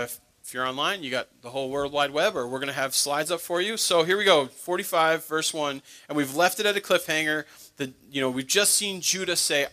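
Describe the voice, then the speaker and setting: A young adult man with a bright, forceful, fairly high voice preaches a sermon. He talks in a conversational way and drops joking asides to the congregation between the passages he reads. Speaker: pastor.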